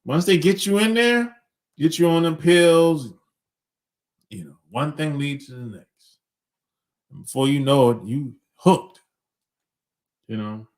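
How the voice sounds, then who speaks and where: A man's voice: fairly high pitch, expressive, takes it slowly, pauses often. A middle-aged man hosting a podcast, talking bluntly in a casual opinionated monologue, chuckling between points. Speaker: podcast host.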